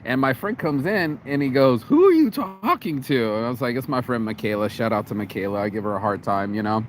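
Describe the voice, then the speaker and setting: A man's voice: fairly low pitch, fairly even intonation, fast, slight background noise. Rambling American man vlogging outdoors. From United States. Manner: rambling, profane, repeats words and restarts. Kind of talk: casual vlog monologue. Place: outdoors on a cold day.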